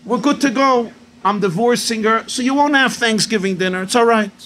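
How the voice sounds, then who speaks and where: A weary older father, sick of his long marriage, who sounds exasperated and done with it all, as a rabbi telling a joke puts him on. The voice sits a little lower and drier than the teller's own bright tone. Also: a little fast, a little hiss or hum. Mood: fed up.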